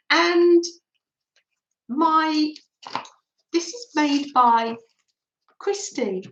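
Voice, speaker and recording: A woman's voice: sits high, drawn-out words, long pauses, fairly bright tone, highs cut off. A woman from England hosting a craft livestream, chatting casually with viewers while she sews and laughing often. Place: home room. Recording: echoey room.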